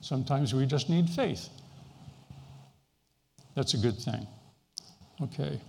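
A man's voice: mid-range voice, lively intonation, takes it slowly, vocal fry, in a large hall, a little hiss or hum. A middle-aged man preaching a sermon in an earnest, conversational way, with fillers and restarts. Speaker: pastor.

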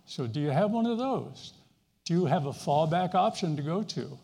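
A man's voice: fairly high pitch, lively intonation, moderate pace, gravelly, a little mellow, long reverb tail. A middle-aged man preaching a sermon in an earnest, conversational way, with fillers and restarts. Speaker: pastor.

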